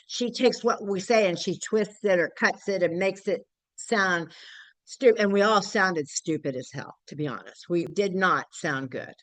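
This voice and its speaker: A woman's voice: medium pitch, a little slow, no room sound, poor audio. Older woman, activist at a group meeting, blunt and candid, rambling, dry close sound. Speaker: local activist group member. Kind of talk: speaking at a community group meeting.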